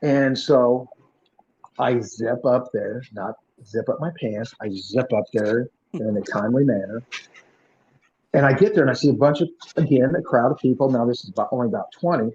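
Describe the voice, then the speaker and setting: A male podcast host and former police officer telling a story in an animated, punchy way, acting out the dialogue. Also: mid-range voice, normal speed. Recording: muffled lo-fi recording.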